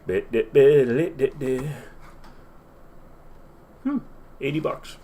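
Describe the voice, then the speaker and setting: A man's voice: mid-range voice, slow, warm tone, a little hiss or hum. Rambling, self-deprecating male streamer. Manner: rambling, with lots of fillers and self-deprecating asides. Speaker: channel host. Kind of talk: casual livestream Q&A. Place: indoors at his desk.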